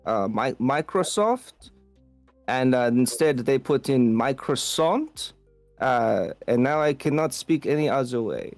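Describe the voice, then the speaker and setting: A man voicing a chain-smoking thirteen-year-old cyborg boy with a French accent, talking haltingly with many fillers. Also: mid-range voice, expressive, dry recording, faint music behind. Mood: hesitant. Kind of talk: improvised comedy role-play.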